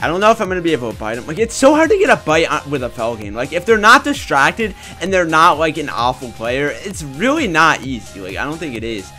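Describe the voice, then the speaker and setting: A young man commentating his own gameplay in a casual, teasing way, dropping to low mutters and then jumping to loud excited yelps. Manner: casual, teasing, trash-talking. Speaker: gaming YouTuber.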